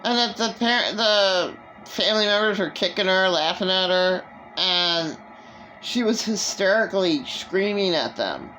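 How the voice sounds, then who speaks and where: A woman vlogging an emotional personal monologue, rambling and halting with many restarts. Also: mid-range voice, expressive, bright, forceful tone, soft background music, poor audio.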